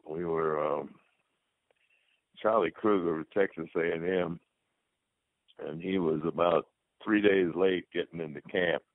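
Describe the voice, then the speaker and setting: A man's voice: sits low, fairly even intonation, a little slow, long pauses, no room sound. An older man, a retired football player, telling rambling anecdotes as an interview guest and acting out the dialogue. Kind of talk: casual storytelling. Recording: dry phone-like lo-fi recording.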